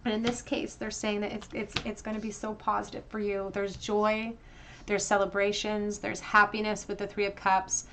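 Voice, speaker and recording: A woman giving a tarot card reading to her viewers, earnest and emotional, often pausing with fillers and restarts. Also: medium pitch, flat delivery, background noise. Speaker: tarot reader.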